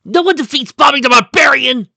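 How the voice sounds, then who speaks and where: A man voicing a brash young male barbarian marine who shouts boasts about himself. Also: high voice, big pitch swings, quick pace, dry recording, pitched above the performer's own voice, full character voice. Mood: boastful. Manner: shouted boasts, calls himself in third person.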